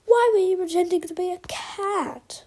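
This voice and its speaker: A woman voicing an eager young male pigeon hero, talking in a high, excited way. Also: moderate pace.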